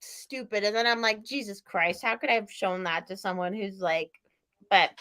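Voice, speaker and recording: Bright-voiced tipsy woman rambling and laughing. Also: medium pitch, moderate pace. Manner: rambling, laughs often, lots of "like". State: a little tipsy. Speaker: podcast co-host. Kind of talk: casual chat.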